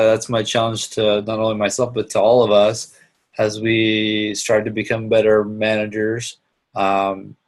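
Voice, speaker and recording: A middle-aged man teaching a live online class, speaking earnestly with many pauses and restarts. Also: lowish voice. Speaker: instructor.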